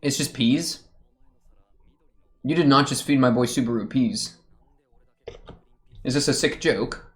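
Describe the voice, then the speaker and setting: A man's voice: mid-range voice, measured pace, long pauses. A young man casually commenting while watching an anime episode, chatty and rambling, laughing often. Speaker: reaction streamer.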